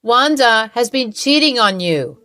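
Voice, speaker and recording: A woman's voice: fairly high pitch, animated, measured pace, fairly bright tone, no echo, pitched above the performer's own voice. A woman voicing a scheming older mother-in-law who gloats smugly. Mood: gloating. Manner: smug, gloating.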